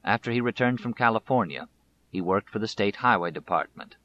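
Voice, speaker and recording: This audiobook narrator, a man, reads a biography with measured deliberateness and an animated energy. His somewhat low voice carries a bright, forceful tone; the lo-fi, muffled recording has slight background noise.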